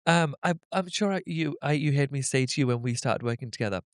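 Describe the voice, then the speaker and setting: A British man chatting casually as a podcast guest, gossipy and quick to laugh at himself. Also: medium pitch, smooth, dry recording, clean studio sound. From Britain. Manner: chatty, gossipy, self-deprecating. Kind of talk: casual chat.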